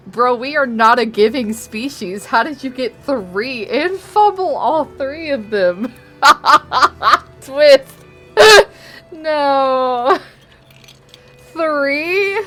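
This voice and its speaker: A woman's voice: sits high, expressive, very slow, fairly bright tone, faint music behind. Young woman gamer chatting with viewers; swings her voice all over, takes her time, giggles and curses freely. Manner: laughs often, swears, teasing. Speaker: streamer. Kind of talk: casual chat while gaming.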